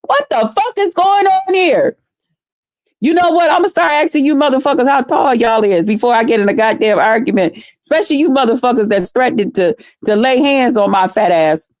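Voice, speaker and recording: A woman hosting a live stream, ranting in a blunt, profane, mocking way with drawn-out emphasis. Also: fairly high pitch, darkish tone, no echo, clean studio sound.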